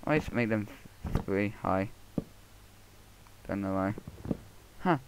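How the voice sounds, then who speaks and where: Through muffled headset audio with a faint hiss of noise, a man mumbles and swears his way through casual commentary on his own gameplay, with sudden outbursts. His voice is fairly low in pitch and expressive.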